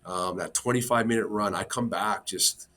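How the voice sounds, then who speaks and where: A man with a lowish voice speaks as a hockey coach on a podcast. He talks in a casual, earnest and open way, often pausing on fillers and restarting his sentences. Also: sharp tone, a little hiss or hum. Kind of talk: casual interview.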